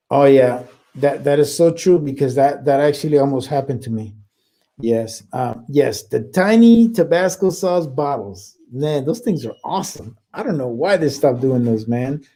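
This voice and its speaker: A man's voice: a little high, expressive, measured pace, mellow. A middle-aged man hosting a casual chat, swearing a lot and telling rambling army stories to viewers he calls bro. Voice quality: heavy swearing, rambling with restarts. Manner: laid-back, talks to viewers as "bro". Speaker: livestream host reading viewer chat.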